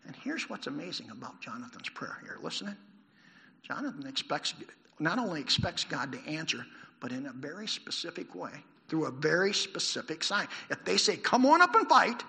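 A man preaching a sermon in a church, animated, asking the congregation questions. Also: fairly high pitch, normal speed, creaky. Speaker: pastor. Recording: long hall reverb.

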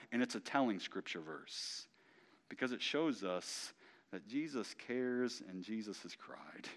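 A man's voice: medium pitch, bright, forceful tone. Male pastor, sermon reading with commentary, rises for emphasis. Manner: reads scripture aloud and comments on it, rising with emphasis.

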